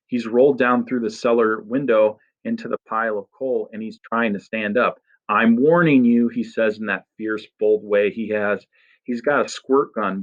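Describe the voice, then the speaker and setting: A man reading a first-person story aloud in a steady, expressive narration. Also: on the low side, dull audio. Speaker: audiobook narrator.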